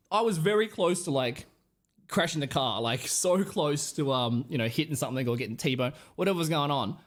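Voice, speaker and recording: Australian man, young adult, rambling, swears a lot, bit higher pitched. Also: animated, moderate pace. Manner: rambling, profane storytelling. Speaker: streamer. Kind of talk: casual live-stream chat. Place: home streaming setup.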